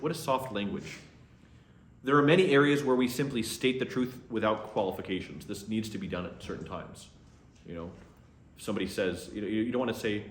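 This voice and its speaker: Priest lecturing in an echoey room. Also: male voice, mid-range voice. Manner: conversational, acts out sample dialogue. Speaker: priest teaching a class. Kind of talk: lecture to a class.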